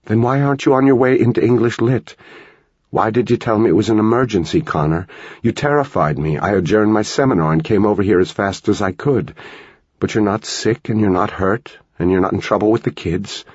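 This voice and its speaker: A man's voice: on the low side, fairly quick, darkish tone, slightly rough, no room sound, lo-fi sound, pitched above the performer's own voice. A man voicing a tired, worried mother of an eleven-year-old boy. She sounds anxious and pleading. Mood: exasperated.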